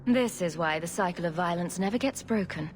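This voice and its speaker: A woman's voice: fairly low pitch, a little fast, faint music behind, lightly acted. A woman voicing a dry, sarcastic adult female hero in a video game. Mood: wry.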